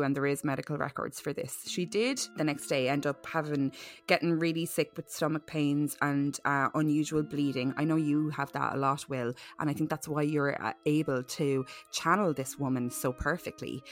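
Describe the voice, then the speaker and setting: Brash, sweary, animated woman podcast host. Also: low-pitched. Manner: brash, sweary, laughs often. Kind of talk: casual comedic chat and story retelling.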